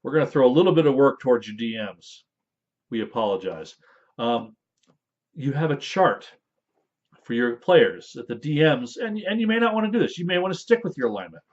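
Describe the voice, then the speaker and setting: A man's voice: mid-range voice, lively intonation, a little fast, a little mellow. A man in casual talk explaining rules for a tabletop game, rambling with fillers and playful asides. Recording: dull lo-fi audio.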